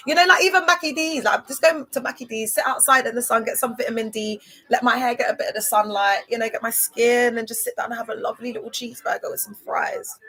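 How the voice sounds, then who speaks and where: A woman's voice: a little high, bright, forceful tone. A woman talking casually to viewers on a livestream, sassy and emphatic, often stammering and repeating words. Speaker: live streamer.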